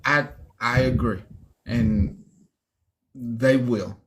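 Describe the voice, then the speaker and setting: A man hosting a casual livestream, emphatic and repetitive, sometimes dropping low and soft. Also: fairly even intonation, extremely slow. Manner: emphatic, repeats himself, drops low and soft when reflective. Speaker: livestream host. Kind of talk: casual live-stream chat.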